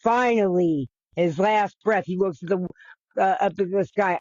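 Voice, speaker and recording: Earnest, halting podcast storyteller, dull sound. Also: medium pitch, darkish tone, no room sound. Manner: halting and repetitive, earnest, with casual swearing. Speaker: podcast host. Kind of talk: casual retelling of a bible story. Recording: dull, dry lo-fi recording.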